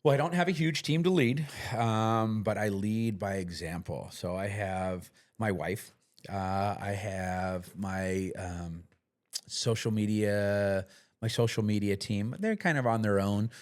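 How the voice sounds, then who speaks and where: A man's voice: lowish voice, slow. A middle-aged man talking casually as a podcast guest, plain-spoken, with lots of fillers and restarts. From United States. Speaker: podcast guest, business owner. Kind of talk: casual interview talk.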